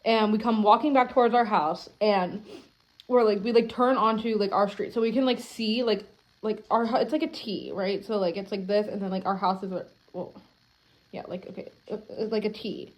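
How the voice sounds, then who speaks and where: A young adult woman vlogging at home, telling a story in a rambling, animated way, full of filler words and frequent swearing. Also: medium pitch, normal speed. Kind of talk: casual storytelling to camera.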